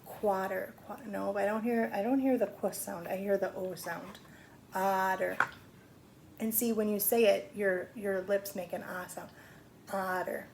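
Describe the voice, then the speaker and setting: Teacher, woman, middle-aged, slow and patient, sounds out letters for little kids, mid-pitched voice, faint hiss behind. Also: steady tone, creaky, darkish tone. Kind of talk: phonics lesson for young children.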